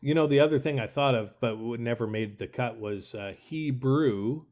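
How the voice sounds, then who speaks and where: Rambling podcast co-host, mid-pitched man. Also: moderate pace, darkish tone. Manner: rambling, hesitant, many ums and restarts. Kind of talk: casual chat.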